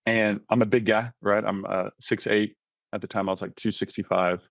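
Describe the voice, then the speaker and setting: A man's voice: on the low side, little pitch movement, normal speed, creaky, no room sound. A man in his thirties, a podcast guest, sharing a personal faith testimony in an earnest, conversational way and often checking in with "right?". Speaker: podcast guest, author and mentoring ministry founder.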